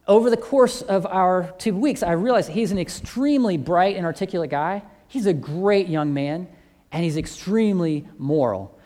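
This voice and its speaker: A man's voice: sits high, expressive, normal speed, darkish tone. A man who teaches a church faith course, telling a testimony story and acting out both sides of the conversations.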